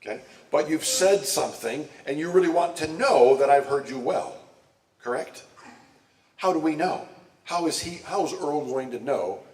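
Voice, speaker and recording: A man with a slightly high, darkish-toned voice speaks at a moderate pace during a conversational church talk, drawing in the congregation with direct questions. The sanctuary sound is echoey, with a distant mic and faint ambience.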